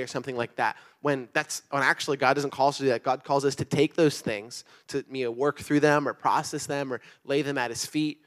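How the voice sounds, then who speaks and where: A young pastor talking through a sermon in an easygoing, conversational way. He speaks at an ordinary middle pitch and leans on "um" and "like" as he goes. He sounds like he is addressing a congregation. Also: quick pace, few pauses. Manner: relaxed, chatty, full of fillers like "um" and "like". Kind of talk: casual youth sermon. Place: church service with an audience.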